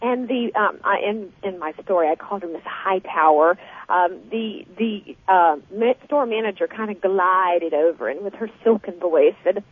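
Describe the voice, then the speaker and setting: A woman guest telling a story with lively, animated energy in a radio interview, heard over the phone. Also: mid-range voice, normal speed, husky, dry recording. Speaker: guest author. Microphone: telephone. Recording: tinny phone line.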